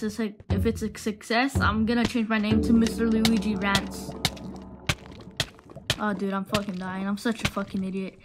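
A woman's voice: mid-range voice, low-quality recording. Woman talking over her gameplay clips, rambly, swears a lot, trash talks, game music blasting behind. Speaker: gaming channel host. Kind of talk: voiced-over gameplay commentary. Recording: game music loud underneath.

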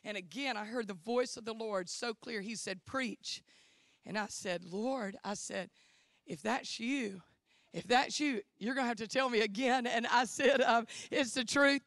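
Woman preacher, high-pitched, fervent church testimony. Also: a little slow, a bit bright, dry recording, clean studio sound. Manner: fervent, exclaiming hallelujah and amen. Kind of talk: sermon testimony.

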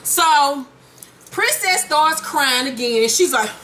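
Woman, high bright voice, sassy profane gossip recap, slight background noise. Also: animated, slow. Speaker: host recapping a reality show.

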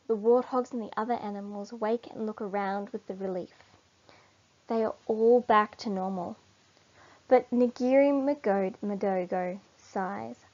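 A woman reading a children's picture book aloud in an expressive storytelling manner. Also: medium pitch. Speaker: storybook reader. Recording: dull lo-fi recording.

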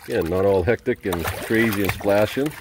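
A man training dogs in a pool, explaining what he does and coaxing the dogs with high, sing-song praise. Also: normal speed, background noise. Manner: coaxing, high-pitched baby talk to dogs. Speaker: dog trainer. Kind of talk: casual vlog narration. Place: outdoor pool, in the water.

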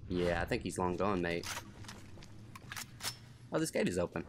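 A man's voice: deep voice, very animated, normal speed, pauses often, noisy background. A man giving casual let's play commentary, chatty and laughing often. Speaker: gaming YouTuber.

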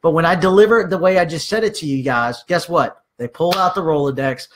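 Higher-voiced man giving sales training. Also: brisk, slight background noise. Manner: acts out dialogue with clients, many fillers. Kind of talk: casual training talk.

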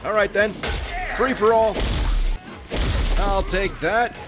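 A man's voice: high-pitched, takes it slowly. A man giving let's play commentary, profane and joking, talking back to the characters on screen. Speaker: gaming commentator. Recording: music playing behind.

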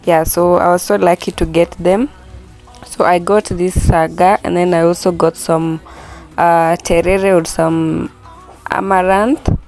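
A Kenyan woman casually narrating a home vlog, relaxed and full of "yeah, so" fillers. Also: on the low side, measured pace. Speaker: vlogger. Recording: echoey room, distant mic, faint music.

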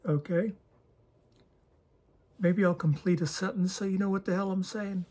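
A man hosting his own channel talks straight to camera in a high, mellow, slightly husky voice, steady in tone and at normal speed. His casual monologue rambles from thought to thought, wry and self-deprecating, often losing the thread and then picking it back up.

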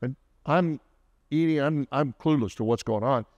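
A man co-hosting a podcast, telling a story from his childhood in a folksy way, often pausing with "uh" and starting over. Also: mid-range voice, a little mellow, dry recording, highs cut off. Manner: folksy, with frequent "uh" and restarts. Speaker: co-host. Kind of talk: casual storytelling.

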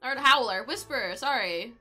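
A woman's voice: on the high side, animated, moderate pace, pushed and bright. A young woman giving casual, chatty commentary while playing a life-simulation game, often talking to the pets on screen. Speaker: gaming video creator.

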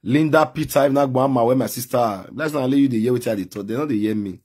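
A man with a Nigerian Pidgin accent hosting a live stream, loudly calling out to his viewers. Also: mid-range voice, quick pace, hardly any pauses, breathy edge. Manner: calls out loudly to viewers, animated.

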